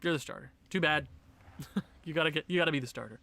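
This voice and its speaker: A man giving casual, excitable commentary on a hockey video game, talking to his players and breaking into shouts and laughter. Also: fairly high pitch, fast, gravelly. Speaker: gaming YouTuber.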